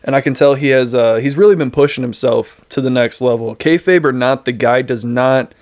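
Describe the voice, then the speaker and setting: A man's voice: medium pitch, brisk, a little mellow, dry recording, studio quality. A man co-hosting a wrestling podcast, recapping shows in casual chat and laughing often. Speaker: podcast co-host.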